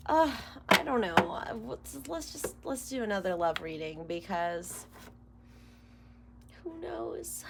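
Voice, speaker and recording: A woman's voice: sits high, creaky, slight background noise. A woman doing a casual tarot reading to camera, emotional and close to tears, rambling and dropping into whispers. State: near tears. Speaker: tarot reader.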